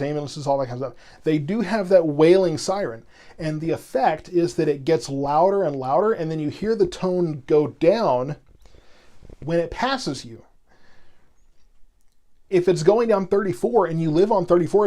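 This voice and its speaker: A man's voice: on the high side, a little mellow. Patient rambling male weather host. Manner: rambling, repeats himself, explains patiently to chat. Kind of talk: live severe weather coverage.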